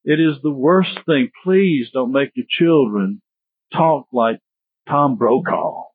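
A man with a Southern US accent preaching a sermon as pastor in a folksy, animated way. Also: medium pitch, slow, husky, no room sound. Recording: tinny phone-like sound.

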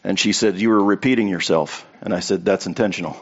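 A man's voice: deep voice, fast talker, husky, lo-fi sound. A man preaching a sermon to a congregation in a conversational way, telling anecdotes and repeating key points for emphasis. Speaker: pastor.

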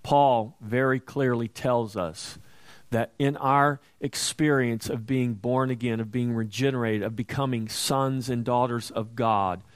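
A male preacher delivering a sermon with slow, deliberate pacing and a medium-pitched voice. He leans into emphasis, pushing his voice louder and higher on key lines. The sound is close and dry, with no room echo. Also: steady tone. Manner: slow, emphatic preaching that rises loud and high at questions and quoted scripture.

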